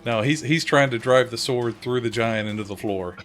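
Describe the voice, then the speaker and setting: A man's voice: mid-range voice, normal speed, fairly bright tone, faint music behind. A man playing a tabletop role-playing game, talking in a rambling, hesitant way with many fillers. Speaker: player. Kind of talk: casual tabletop play.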